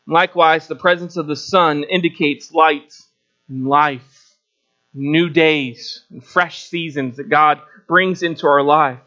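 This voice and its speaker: A man's voice: fairly even intonation, pushed and bright. A man preaching a sermon, telling a story with rising and falling delivery. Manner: storytelling with shifting pitch and pauses. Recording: dull lo-fi recording.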